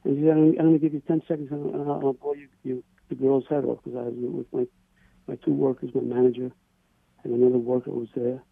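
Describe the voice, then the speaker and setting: A man calls in to a radio show and tells his story earnestly, stumbling and repeating words as he goes. His voice is gravelly and a little husky, and the sound is thin and tinny like a phone line. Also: mid-range voice, little pitch movement, fast, no echo. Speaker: caller. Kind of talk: telling a personal story.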